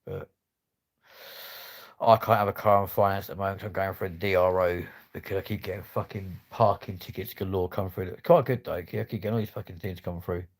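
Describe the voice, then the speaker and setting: A man's voice: deep voice, steady tone, brisk. A man chatting casually on a livestream, swearing freely in laddish banter. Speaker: livestream host.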